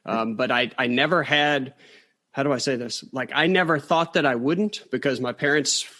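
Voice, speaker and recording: Middle-aged man, rural Virginia accent, mid pitch, talks in easy self-mocking anecdotes. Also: moderate pace, bright, forceful tone. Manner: self-deprecating, chuckles as he tells stories. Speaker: guest, author. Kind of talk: casual storytelling interview.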